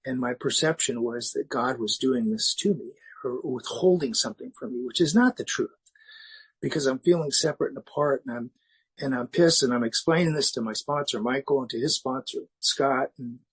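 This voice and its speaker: Middle-aged man, husky voice at an ordinary pitch, halting and candid, sharing his recovery story. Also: poor audio. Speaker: speaker sharing at a recovery meeting. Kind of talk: personal recovery share.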